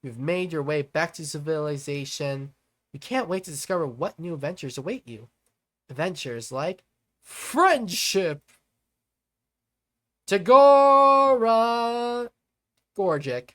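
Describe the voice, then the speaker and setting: Animated rambling let's-play reader. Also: mid-range voice, measured pace. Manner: rambling, lots of fillers and restarts, self-amused. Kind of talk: reading a visual novel aloud with commentary.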